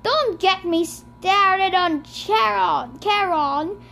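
Indignant god of the dead read by a woman; slow, high-voiced storybook delivery. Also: expressive, a bit bright, a little hiss or hum, heavily acted. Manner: indignant, bellowing, grumbling. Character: male god of the dead, angry, complaining.

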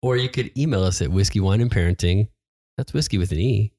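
A man co-hosting a podcast, chatting casually in a relaxed, joking and teasing way. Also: fairly low pitch, brisk. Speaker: podcast co-host. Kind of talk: casual chat.

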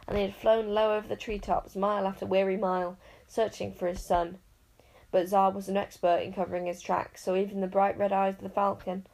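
Expressive woman reading a fantasy storybook. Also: medium pitch, rough recording. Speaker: audiobook narrator. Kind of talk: storybook narration.

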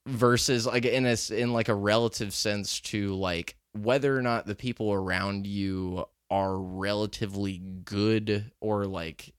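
A man's voice: lowish voice, fairly even intonation, a little slow, hardly any pauses, clean tone, no room sound, clean studio sound. A man co-hosting a podcast, telling a story in a loose, rambling way with lots of fillers. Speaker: podcast co-host. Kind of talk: casual chat.

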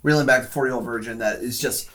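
A man's voice: mid-range voice, fairly even intonation, fast talker, fairly bright tone. Man, podcast co-host, easygoing film chat, loose and rambling, filler-heavy. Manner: rambling, heavy use of "like", frequent restarts. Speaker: podcast co-host discussing films. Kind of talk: casual chat.

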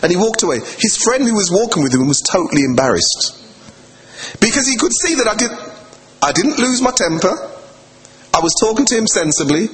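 A man's voice: high voice, sing-song, brisk. A man preaching a sermon in a conversational, anecdotal way, telling stories with acted quotes. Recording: long hall reverb.

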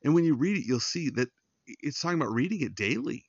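A man's voice: a little high, lively intonation, fast, slightly rough, no room sound, muffled recording. A man hosting a devotional podcast, giving earnest, conversational Bible teaching straight to his listeners. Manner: earnest, pastoral, addresses listeners directly.

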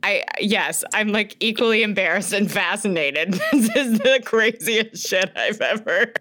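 A woman's voice: mid-range voice, expressive, measured pace, a bit bright. Gasping, laughing woman podcast host. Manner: gasping, laughing, theatrically shocked. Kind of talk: casual podcast chat.

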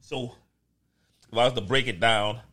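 A man hosting a podcast in casual chat, animated and laughing through slangy banter. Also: mid-range voice, moderate pace. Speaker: podcast host.

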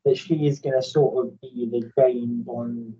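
A man chatting casually on a podcast, sweary and animated, often ranting. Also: medium pitch, unhurried. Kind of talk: casual chat. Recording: distant, dull lo-fi mic.

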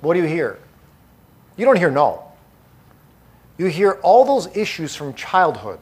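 Emphatic, slightly high-voiced male motivational speaker. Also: big pitch swings, measured pace, long pauses, darkish tone, slightly rough. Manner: emphatic, repetitive, punchy. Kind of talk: live motivational talk to an audience.

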